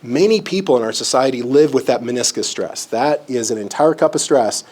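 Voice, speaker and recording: An animated man with a mid-range voice talks a little fast, his tone slightly mellow with a breathy edge. He's a relationships and counseling presenter speaking live in a conference room, chatting conversationally, often checking on his listeners, and using homely examples and humor at his own expense.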